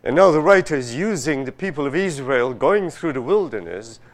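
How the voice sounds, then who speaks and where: A man preaching a sermon, reading scripture aloud and pressing his listeners with rhetorical questions in a slow, emphatic way. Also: medium pitch, lively intonation. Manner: reads scripture aloud with rising force. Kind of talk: sermon, Bible exposition.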